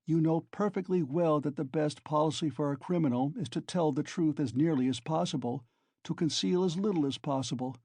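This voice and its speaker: A man's voice: fairly high pitch, fairly quick, dark tone, dry recording. A man voicing a feverish young male former student who speaks in a strained, defensive way. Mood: cold. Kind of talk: audiobook character reading.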